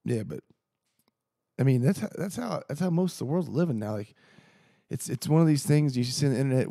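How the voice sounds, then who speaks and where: A man's voice: medium pitch, animated, brisk, gravelly, long pauses, mellow, no room sound, studio quality. A man hosting a casual solo podcast, rambling and heated, swearing freely. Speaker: podcast host.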